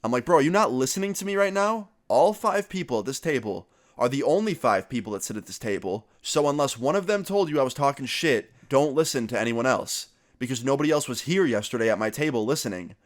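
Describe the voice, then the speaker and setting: A young man in a casual storytime vlog, talking loosely and swearing freely. His voice sits at an ordinary middle pitch for a man, and he leans into the retold dialogue with animated energy. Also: fairly quick, hardly any pauses. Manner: casual, profane, animated retelling. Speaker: youtuber.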